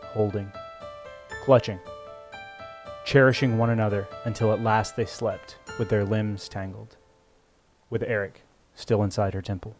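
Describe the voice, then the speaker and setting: A man narrating a story in a measured, even storytelling voice. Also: fairly low pitch. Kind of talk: scripted audiobook narration. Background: faint music score.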